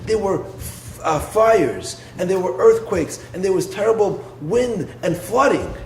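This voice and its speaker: Rabbi guy giving a torah talk, kinda high voice, lots of questions, echoey room w a little noise. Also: unhurried. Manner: expressive, rhetorical questions, dips low then rises. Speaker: rabbi and yeshiva head. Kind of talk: Torah lecture. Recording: roomy echo with faint background noise.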